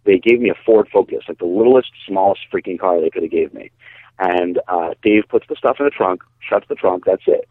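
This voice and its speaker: A man telling a long story in casual podcast talk, animated, swearing and acting out what people said. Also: low-pitched, brisk. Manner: animated, swearing, acts out quotes. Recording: dry, phone-like narrow sound.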